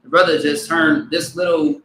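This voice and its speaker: A man's voice: on the high side, normal speed. A man leading a small worship service, chatting loosely with many restarts before leading prayers line by line. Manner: relaxed slangy talk with many restarts. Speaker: service leader. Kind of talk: casual chat then call-and-response prayer. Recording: echoey room with faint background noise.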